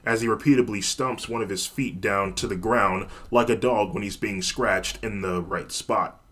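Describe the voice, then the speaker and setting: Low-voiced man narrating a fan story. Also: moderate pace, fairly bright tone.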